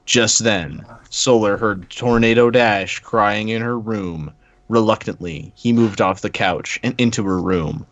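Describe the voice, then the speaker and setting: A man's voice: on the low side, a little slow, fairly bright tone, no echo, muffled recording. Sardonic man reading fan fiction, dry sound. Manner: casual, sardonic, swears freely. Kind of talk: comedic read-through with banter.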